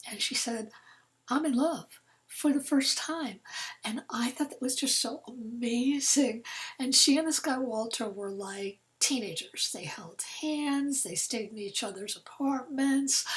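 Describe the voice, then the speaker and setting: A woman in her sixties, a novelist telling a personal story to an audience, earnest and dropping to soft near-whispers at heavy moments. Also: fairly high pitch, rough recording. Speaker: novelist giving a talk.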